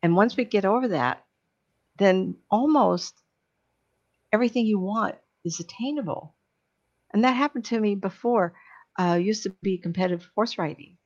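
An older woman with a gravelly, creaky voice talks earnestly and rambles along, stopping often for an um before she finds her point. The recording sounds dull and lo-fi. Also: medium pitch, normal speed, long pauses, a little mellow. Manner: earnest, rambling storyteller with frequent ums and restarts. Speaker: psychic medium. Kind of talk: casual reflective monologue.

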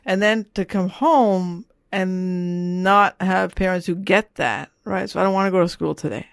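A woman's voice: fairly low pitch, a little slow, vocal fry, dry recording, clean studio sound. A middle-aged woman, an author and parent, talking casually in an interview with a rambling manner that keeps checking in with "you know" and "right?".

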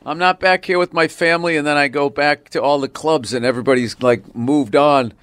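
A man's voice: a little high, steady tone, a little fast, a bit bright, clear, resonant tone, no room sound. Profane storyteller man. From Boston, USA. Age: middle-aged. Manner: profane, rambling storyteller, lots of "like". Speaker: comedian guest. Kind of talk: casual podcast chat.

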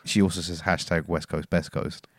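Podcast host, teasing, lowish voice, dry mic. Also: male voice, fairly even intonation, no room sound. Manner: teasing, wraps things up briskly. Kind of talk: casual chat.

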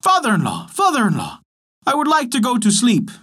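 A man voicing a greedy, demanding male frog in a storybook tale, shouting and croaking his orders. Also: very high-pitched, huge pitch swings, a little fast, voice pushed up, full character voice. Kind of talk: storybook character voice.

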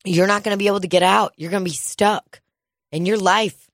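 A woman telling stories in casual chat, animated and swearing freely, often mimicking other people in a gruff low voice. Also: a little fast, no room sound, clean studio sound.

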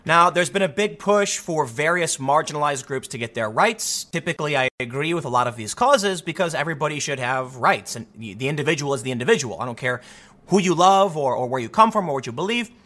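A man delivers an opinionated political monologue in a bright, forward voice that sits a little high for a man. He is emphatic and restless, often doubling words as he pushes a point home. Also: animated, a little fast. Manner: emphatic, repeats words when building a point. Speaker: political commentator.

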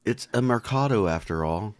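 A wisecracking male podcast co-host talks in a very low voice, full of quick jokes and asides. He is in a small home studio. The sound is dry and close, with no room echo. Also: lively intonation. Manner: jokey, wisecracking. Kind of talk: casual chat.

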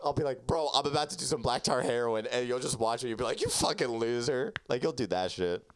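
A man's voice: mid-range voice, quick pace. A young man hosting a casual podcast chat with friends, rambling through stories with lots of swearing and laughter. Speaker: podcast host.

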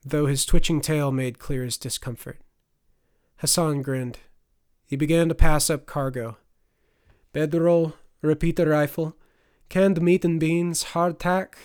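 A man narrating a fantasy audiobook in a steady, expressive storytelling manner. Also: a little high, measured pace, clean tone, no echo, studio quality.

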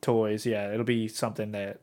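A man's voice: on the low side, level tone, normal speed, a little mellow. A man in his thirties co-hosting a podcast, chatting casually and rambling with lots of fillers and restarts. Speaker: podcast co-host.

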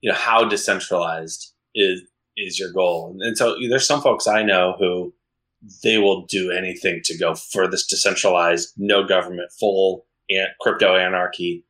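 A man co-hosting a podcast in a rambling, casual way, restarting his sentences as he thinks. His voice is fairly low but bright and forceful. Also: steady tone, moderate pace, rough recording. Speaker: podcast co-host.

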